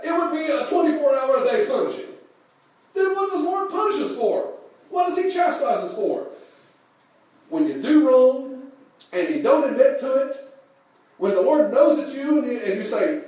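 A high-pitched male pastor delivers a folksy sermon, chuckling through his own stories and asking the congregation questions. He is picked up from a distance in a very echoey church room. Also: lively intonation, normal speed, darkish tone. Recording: echoey room, mic far off.

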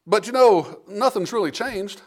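High pitched guy preaching, chatty sermon, lots of restarts. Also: normal speed. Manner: conversational preaching with frequent restarts and acted-out quotes. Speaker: pastor.

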